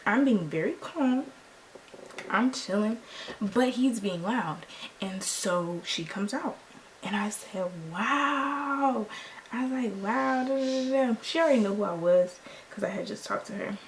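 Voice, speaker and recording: Young woman, beauty vlogger, casual storytime, slangy and lively, faint noise floor. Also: medium pitch, moderate pace, poor audio. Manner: animated, slangy, acts out quoted lines. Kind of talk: casual storytime while doing makeup.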